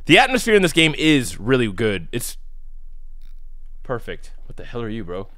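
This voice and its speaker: Jittery horror gamer, male, bright lively voice that shoots up into yells. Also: mid-range voice, moderate pace, dry recording. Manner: yells and screams when scared; jittery, nervous joking. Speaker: let's play gamer. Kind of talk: horror game playthrough commentary.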